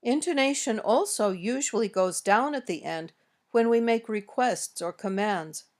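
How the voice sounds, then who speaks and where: An American woman reading a scripted English lesson, modeling sentences slowly and carefully as a teacher. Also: fairly high pitch, lively intonation, darkish tone. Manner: slow, careful, clearly modeled example sentences. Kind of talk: scripted instructional narration.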